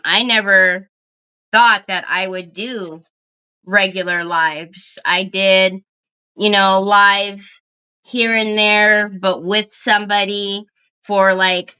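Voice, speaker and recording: A woman's voice: medium pitch, sharp tone, clear, resonant tone. A middle-aged woman hosting a crafting live stream, chatting casually and directly to her viewers. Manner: chatty, talks straight to viewers. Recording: slightly dull lo-fi stream audio.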